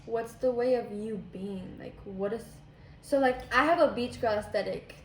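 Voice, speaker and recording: Teenage daughter, casual chat, eager and argumentative, recorded in a roomy space. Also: female voice, on the high side. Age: teen. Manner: eager, quick to argue back. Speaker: daughter, eighth grader. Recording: echoey room with faint noise.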